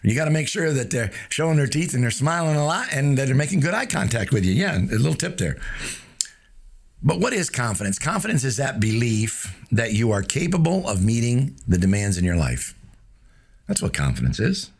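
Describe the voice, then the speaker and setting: A man's voice: medium pitch, sing-song, a little fast, gravelly, slightly rough. A man hosting a casual motivational talk, folksy and joking, with lots of fillers. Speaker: host of a motivational show. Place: streaming live.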